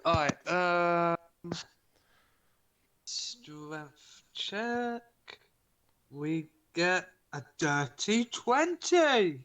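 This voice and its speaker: A man's voice: sits high, big pitch swings, drawn-out words, long pauses, fairly bright tone. An English man playing a tabletop game, exclaiming and easily distracted. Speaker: player. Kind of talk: casual tabletop play.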